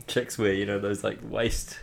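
A man on a casual podcast, talking in a relaxed, self-mocking way. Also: fairly low pitch, measured pace, creaky, a crowd in the background.

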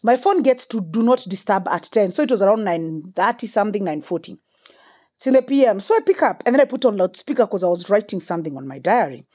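A woman's voice: medium pitch, fast. A young woman with a Kenyan accent telling a story in a casual monologue, emphatic, swearing freely and repeating words for emphasis. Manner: animated, emphatic, mixing English with Swahili slang.

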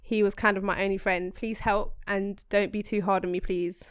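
Young woman, podcast co-host, smooth crisp voice, dry close sound, slangy and animated. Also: medium pitch, no room sound. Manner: animated, slangy, quick asides. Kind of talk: casual chat, reading a listener email aloud.

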